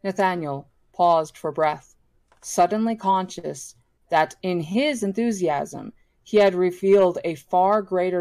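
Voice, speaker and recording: A woman reading a novel aloud for a book club, steady and now and then correcting herself. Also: on the low side, no echo.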